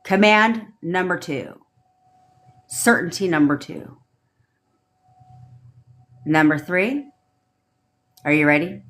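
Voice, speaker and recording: A woman's voice: lowish voice, takes it slowly, long pauses, a bit bright. Blunt, profane woman coaching on a livestream. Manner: blunt, profane, commanding, repeats affirmations. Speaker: manifestation coach.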